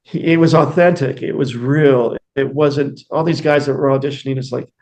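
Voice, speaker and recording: A man's voice: mid-range voice, steady tone, moderate pace, darkish tone. A man, a musician guest in an interview, telling rambling anecdotes with many fillers and acted-out quotes. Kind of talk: casual storytelling interview.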